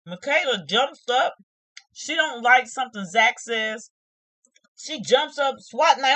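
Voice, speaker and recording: Animated, opinionated woman vlogger. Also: on the high side, a little slow, dry recording. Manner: animated, opinionated, talks straight to viewers. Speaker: host of a TV review channel. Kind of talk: casual reality-TV recap vlog.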